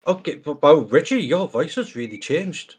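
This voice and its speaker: A man's voice: fairly high pitch, animated, normal speed, a little mellow, husky. A man co-hosting a comic podcast, talking in a casual, hesitant, jokey way. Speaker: podcast co-host.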